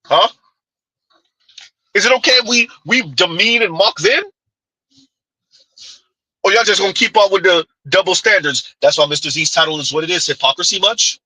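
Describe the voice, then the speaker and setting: A man with a fairly high, piercingly bright voice hosts a live-stream commentary. He needles his audience with blunt rhetorical questions and mocking "huh?" asides. His tone is husky and sits close and dry. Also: normal speed, pauses often, no echo, poor audio. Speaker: commentary channel host.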